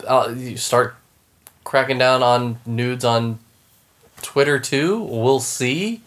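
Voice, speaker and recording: A man's voice: mid-range voice, slow, fairly bright tone. Laid-back man co-hosting a podcast. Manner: laid-back, swears casually, trailing restarts. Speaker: podcast co-host. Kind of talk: casual chat.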